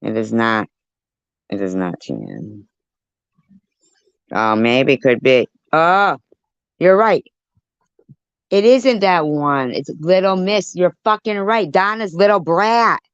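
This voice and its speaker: A woman's voice: low voice, expressive, slow, long pauses, smooth, no echo. A woman livestreaming a heated, profane rant, snapping back at people in her chat. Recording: dull lo-fi stream audio.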